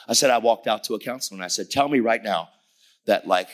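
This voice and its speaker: A middle-aged man preaching a lively sermon, telling stories animatedly and shouting at the peaks. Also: fairly low pitch, fast.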